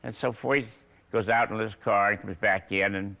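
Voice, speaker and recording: A man in his eighties, a veteran racing broadcaster, telling anecdotes in an unhurried, chuckling way. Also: lowish voice, steady tone, creaky, bright, forceful tone. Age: 80s. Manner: unhurried, chuckling raconteur with fillers. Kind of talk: anecdotal storytelling.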